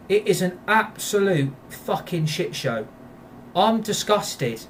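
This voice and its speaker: A man's voice: sits high, sing-song, takes it slowly, a little hiss or hum. Fuming man ranting over a game. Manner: furious, repetitive, swearing. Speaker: gaming YouTuber. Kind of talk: angry gameplay rant.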